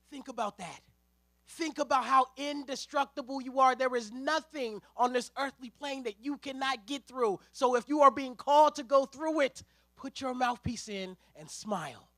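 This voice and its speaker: A man preaching a sermon as a ministerial intern, in a lively, conversational way with slang and storytelling. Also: extremely high pitch, normal speed, creaky, no room sound.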